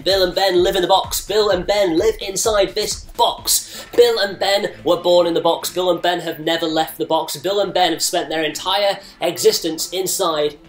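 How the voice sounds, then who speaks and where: A man hosting a vlog, telling a story in a playful, animated and repetitive way. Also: a little high, reverberant. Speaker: vlog host.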